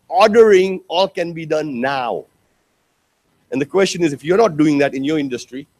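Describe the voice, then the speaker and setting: A man giving a conference keynote, telling stories with lively, acted-out quotes and asking the audience questions. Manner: animated storytelling, acts out quotes with big pitch jumps; addresses audience directly, rhetorical questions. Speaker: keynote speaker. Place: conference hall.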